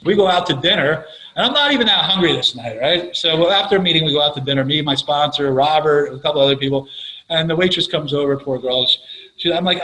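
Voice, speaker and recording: A man's voice: on the high side, lively intonation, fast talker, bright, forceful tone, low-quality recording. An older man from Florida sharing his recovery story, profane and blunt, laughing at himself as he tells it. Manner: profane, blunt, self-mocking, laughs while telling stories. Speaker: recovery meeting speaker.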